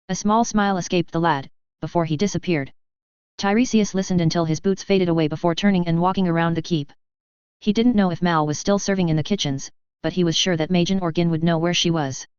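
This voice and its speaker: Smooth low-voiced woman narrating a story. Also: brisk, dry recording. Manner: steady, even storytelling delivery. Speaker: fan fiction reader. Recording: slightly dull, dry lo-fi recording.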